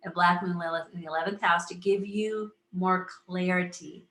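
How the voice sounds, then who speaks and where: A woman's voice: fairly low pitch, fairly even intonation, normal speed, a bit bright. A woman astrologer hosting a casual live stream, bubbly, laughing often and acting out little inner voices as she talks to viewers. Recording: roomy echo.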